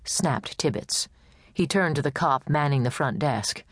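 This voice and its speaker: Woman narrator, audiobook reading, low voice, dry close sound. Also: animated, a little slow, husky, no room sound. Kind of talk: scripted narration.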